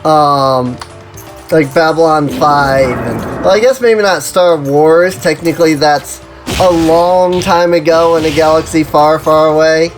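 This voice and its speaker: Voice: medium pitch, a little slow, music in the background. A streamer chatting casually while playing an online game, rambling and saying "you know" and "like" constantly.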